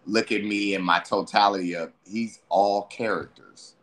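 A man's voice: on the low side, fairly even intonation, normal speed, fairly bright tone. A man in casual conversation, telling stories with lots of energy and acting out the voices of himself and his friends. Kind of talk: casual storytelling chat.

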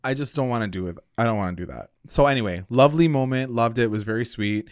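A man in casual chat, recapping a show with a co-host. He talks in a mid-pitched voice, animated and loose, and sometimes jumps up high to act out characters. The sound is dry and close. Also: fast, no room sound. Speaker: podcast co-host recapping a TV episode.

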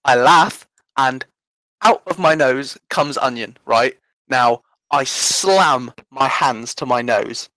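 Eighteen-year-old English lad telling a story. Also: male voice, medium pitch, slow pace, pushed and bright, dry recording, low-quality recording. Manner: rambling, self-deprecating anecdotes, laughs often. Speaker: guest storyteller. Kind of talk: casual podcast chat.

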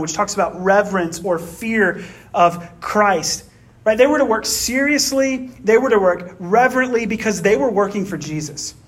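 A man preaching a conversational sermon, often checking in with the congregation through quick tag questions and personal stories. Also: sits high. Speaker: pastor.

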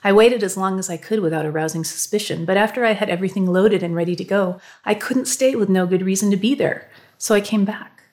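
A woman's voice: mid-range voice, fairly quick, darkish tone, natural voice. A woman voicing a weary, dutiful father. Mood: exhausted. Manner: tired, grows weak and rasping. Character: weary American father, middle-aged man, dutiful.

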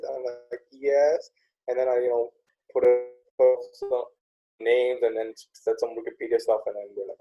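Male host, dark mellow tone, animated storyteller, acts out quotes. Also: mid-range voice, unhurried, rough recording. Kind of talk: casual chat.

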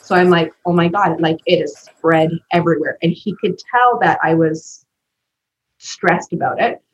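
A woman with a lowish voice tells a personal story on a podcast in a loose, chatty way. She brings it to life and slips into the voices of the people she quotes. The recording sounds dull and lo-fi. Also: normal speed. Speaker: podcast co-host. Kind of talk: casual storytelling chat.

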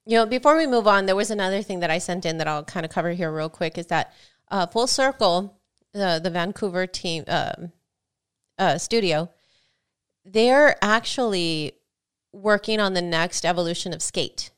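Female co-host, smooth but worn morning voice, chatty news rundown. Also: lowish voice, normal speed. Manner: chatty, reads news items aloud casually. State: voice worn, just woke up. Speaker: podcast co-host. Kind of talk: casual gaming chat.

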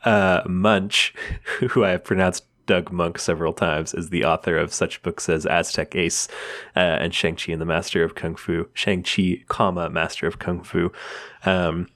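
A man's voice: deep voice, little pitch movement, normal speed, a bit bright. A man co-hosting a podcast, chatting casually and laughing often between thoughts. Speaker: podcast co-host. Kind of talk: casual chat about comics.

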